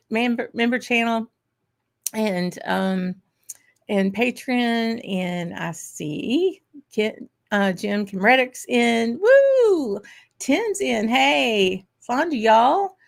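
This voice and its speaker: A woman with a slightly high, fairly bright voice and vocal fry hosts a whisky livestream. She gives a casual welcome, greeting viewers by name in a chatty, bubbly manner, with lots of "um" and "y'all" and bursts of laughter during her chat shout-outs.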